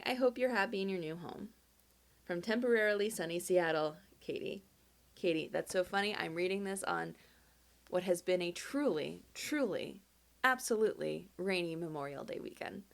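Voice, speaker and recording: A woman chatting casually as she reads out viewer postcards, animated and quick to jump up in pitch with delight. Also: creaky. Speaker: video creator reading fan mail. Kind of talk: casual chat, reading postcards aloud.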